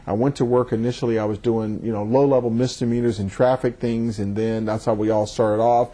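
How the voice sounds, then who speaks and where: A man, a judge, giving thoughtful and measured interview answers, often repeating words as he starts a thought. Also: medium pitch, fairly even intonation, mellow.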